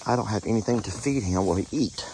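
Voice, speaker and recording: A man's voice: fairly low pitch, fast talker, darkish tone, a little hiss or hum. A man, talking on an emotional farm vlog, cooing tenderly at an injured animal and choking up as he talks to viewers outdoors at night. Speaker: goat farmer vlogger.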